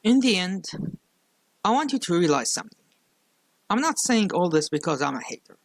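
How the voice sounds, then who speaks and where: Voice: medium pitch, sing-song, moderate pace, no echo. A YouTube critic with a non-native English accent, earnestly delivering spoken commentary.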